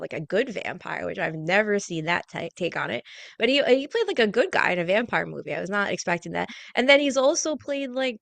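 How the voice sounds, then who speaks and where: A woman's voice: lowish voice, creaky, no echo. A woman hosting a radio interview, chatty and enthusiastic, with frequent "like" fillers, in a radio studio. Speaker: radio show host. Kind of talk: casual interview chat.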